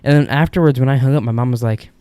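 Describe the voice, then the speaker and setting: A man's voice: medium pitch, very fast, warm tone, clear, resonant tone, no room sound. A young man hosting a podcast, telling stories in a casual, rambling, candid way from an upstairs room at home. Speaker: podcast host. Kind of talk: casual solo monologue.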